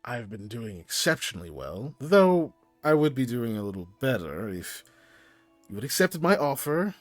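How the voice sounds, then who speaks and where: A man voicing a suave male devil who flatters and gently mocks, with a voice pitched a bit above his own, in a tabletop game. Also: normal speed, dry recording, faint music behind, natural voice. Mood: teasing. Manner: smooth, flattering, gently mocking. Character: suave teasing male devil, generous patron.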